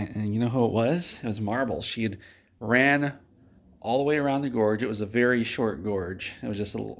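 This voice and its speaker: Gravelly man spinning a deadpan tall tale. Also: medium pitch. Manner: deadpan, rambling with restarts. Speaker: video host. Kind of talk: absurd tall-tale storytelling.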